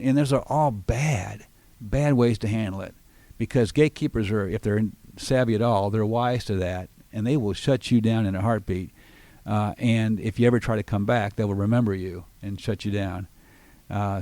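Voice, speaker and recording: A man's voice: lowish voice, darkish tone, dry recording. A middle-aged man, a sales trainer hosting a radio business show, explaining with confidence and acting out phone lines. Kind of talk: radio business talk, coaching. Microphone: studio microphone.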